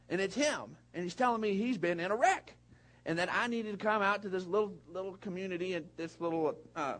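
A middle-aged man delivers a sermon from the pulpit. His voice sits fairly high for a man. He tells a story, laughing often, then presses his point home with emphasis. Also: a bit bright. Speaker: pastor.

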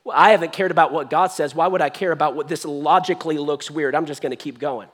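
Animated high-voiced pastor. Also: male voice, fast talker. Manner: animated, jokey storytelling with acted voices. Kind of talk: sermon. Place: church.

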